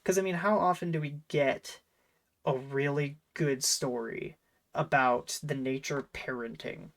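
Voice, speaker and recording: A man's voice: fairly high pitch, steady tone, unhurried, a bit bright, rough recording. Rambling, enthusiastic young-sounding man. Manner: rambling, full of fillers and restarts. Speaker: host. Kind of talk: casual chat.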